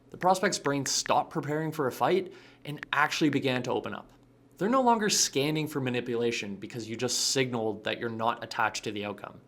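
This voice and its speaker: A man giving scripted sales coaching narration with a punchy, emphatic delivery. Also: mid-range voice. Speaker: sales trainer.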